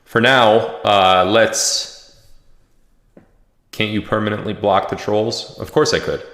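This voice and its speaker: A man with a low, deep voice runs a loose, joking livestream from home, reading out viewers' comments and hometowns. His voice bounces around an echoey room with a long, lingering reverb. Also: steady tone, slow pace. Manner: joking, reads viewer comments and shout-outs aloud. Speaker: livestream host. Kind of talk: casual livestream chat.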